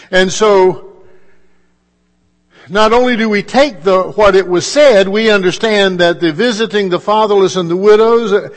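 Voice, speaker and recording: A man preaching a sermon as pastor, in a measured style with emphatic pauses and conversational asides. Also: sits high, long reverb tail.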